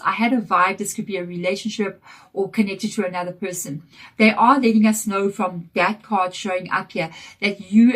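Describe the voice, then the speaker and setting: A woman giving a casual tarot reading to camera, croaky from a chesty cold, reassuring and direct. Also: mid-range voice. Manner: reassuring and direct, checking in with "okay?". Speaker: tarot reader.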